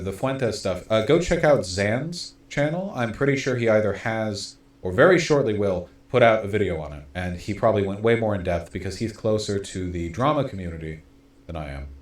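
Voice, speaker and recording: A man's voice: fairly low pitch, roomy sound. A man streaming political commentary, rambling and sardonic, with many fillers and restarts.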